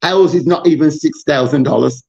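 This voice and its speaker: Man, higher-pitched, fired-up political chat, muffled lo-fi sound. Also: moderate pace, creaky, dark tone. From Jamaica. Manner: passionate, exasperated, rambling with restarts. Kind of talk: casual political discussion.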